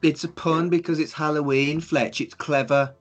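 A man's voice: a little high, steady tone, moderate pace, faint music behind. A man chatting casually on a podcast, sarcastic and self-mocking about films. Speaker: podcast co-host. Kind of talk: casual chat.

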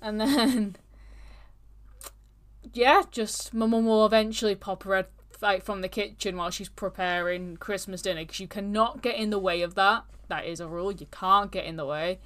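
Sex: woman. Role: podcast co-host. Style: casual, rambling chat. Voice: smooth and clear. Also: medium pitch, moderate pace, fairly bright tone. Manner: chatty and rambling.

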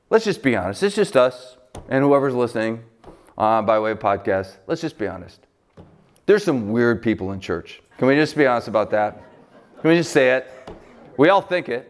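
A middle-aged man from Buffalo preaching a sermon as pastor, conversational and joking, with lively swings in pitch. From Buffalo, New York.

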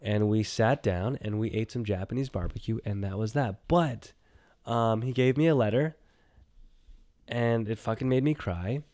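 Guy rambling on his solo podcast, talks to himself, smooth clear voice, dry close sound. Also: on the low side, moderate pace, no room sound. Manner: animated, talks to himself, swings from loud to mumbled. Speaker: podcast host.

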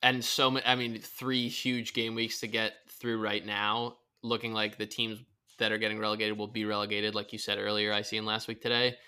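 A man's voice: lowish voice, flat delivery, moderate pace, bright, forceful tone, smooth. A man hosting a sports podcast, talking in a confident, opinionated way and leading the segments. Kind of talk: casual sports chat.

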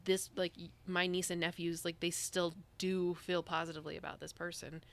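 A woman's voice: fairly low pitch, level tone, moderate pace. A young woman co-hosting a podcast, chatting casually and rambling with lots of "like"s and restarts. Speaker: podcast co-host. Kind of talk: casual chat.

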